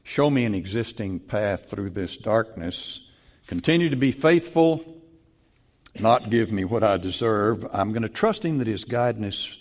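An older male pastor delivers a sermon at an unhurried, deliberate pace. His voice sits fairly low, and he leans hard on key words with sudden bursts of volume before easing back down. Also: expressive. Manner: slow, emphatic preaching with sudden loud stresses.

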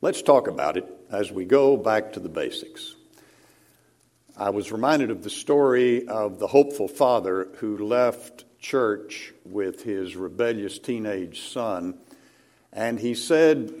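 A man preaching a sermon, speaking in a measured way and rising for emphasis. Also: on the low side, animated, a little mellow. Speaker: pastor.

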